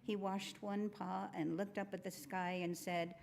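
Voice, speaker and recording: A woman reading a children's story aloud at a worship service in a gentle, unhurried way. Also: medium pitch, flat delivery, vocal fry, slight background noise.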